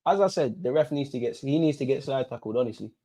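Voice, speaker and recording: A young man hosting a live football watch-along, swinging between low muttering and yelling at the referee. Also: expressive, fast. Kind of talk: live match reaction.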